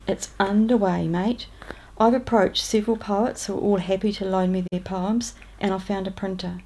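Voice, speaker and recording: A woman's voice: medium pitch, creaky. A woman with a New Zealand accent reading aloud her own letters, in a chatty, upbeat way. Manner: warm, chatty letter-reading with lively lifts on greetings.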